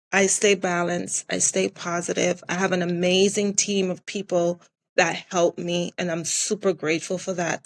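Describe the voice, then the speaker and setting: A middle-aged Caribbean woman who owns a restaurant speaks in a fairly low-pitched voice during a casual interview. She's earnest and repeats herself for emphasis.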